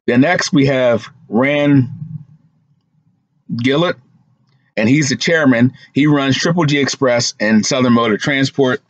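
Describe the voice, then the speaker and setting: A man's voice: mid-range voice, measured pace, long pauses, no room sound, dull audio. A man hosting a trucking channel, talking casually through a list from his notes with asides and fillers. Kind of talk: casual commentary vlog.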